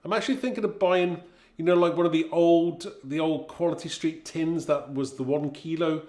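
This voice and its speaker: A man's voice: on the high side, fairly even intonation, moderate pace, darkish tone, roomy sound. A man in his fifties from Britain, hosting a live craft stream in a casual, chatty way, reading viewers' comments aloud and laughing often. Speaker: craft livestream host.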